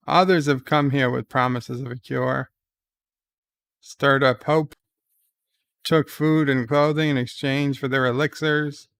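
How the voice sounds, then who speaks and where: A man giving casual live commentary on a TV episode, loosely recapping scenes and reading viewer chat questions aloud, thinking out loud as he answers. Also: medium pitch, fairly even intonation, unhurried, vocal fry, pauses often, clean tone, no echo. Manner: thinks out loud with fillers and restarts.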